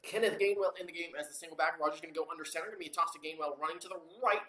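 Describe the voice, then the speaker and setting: An amateur commentator calling play-by-play over a live watchalong, casual and rambling, with fillers and quick self-corrections. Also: medium pitch, sharp tone, echoey room, rough recording.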